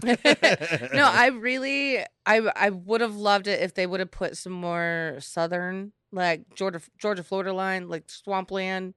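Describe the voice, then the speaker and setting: A woman's voice: mid-range voice, a little slow, hardly any pauses, fairly bright tone, clear, resonant tone, no echo, studio quality. A woman co-hosting a podcast, gushing and giggly about a film in casual chat. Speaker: podcast co-host.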